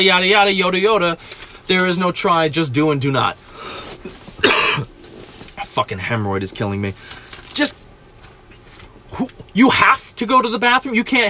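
A man's voice: sits high, pushed and bright. A man hosting a solo podcast from a small closet, ranting profanely and with exasperation. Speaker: podcast host.

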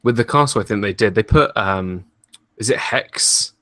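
A man's voice: lowish voice, normal speed, fairly bright tone, dry recording. A man from the UK co-hosting a podcast, easygoing and amused as he tells stories. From United Kingdom. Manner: easygoing, reads chat questions aloud, amused storytelling. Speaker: podcast co-host. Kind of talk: casual chat.

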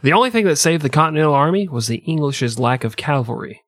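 A man's voice: a little high, animated, fast talker, dry recording, studio quality. A young man co-hosting a casual comedy history podcast, telling the story with crude jokes and frequent laughter. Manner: joking, crude, laughs often. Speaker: podcast co-host narrating history.

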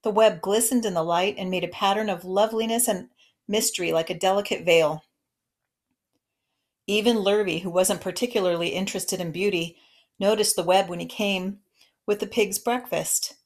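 A woman narrating a children's novel aloud in a gentle, expressive storytelling manner. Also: mid-range voice, normal speed.

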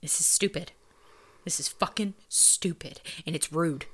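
A woman's voice: deep voice, a little slow, slightly rough. Candid, profane woman telling a story. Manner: candid and profane, dropping into whispers for quoted lines. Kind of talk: casual chat, personal storytelling.

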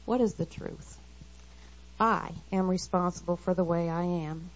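A woman's voice: fairly low pitch, steady tone, a little slow. A middle-aged woman giving an earnest, confessional devotional talk to women and quoting scripture. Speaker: women's Bible study speaker. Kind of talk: devotional talk read aloud. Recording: slightly dull lo-fi recording.

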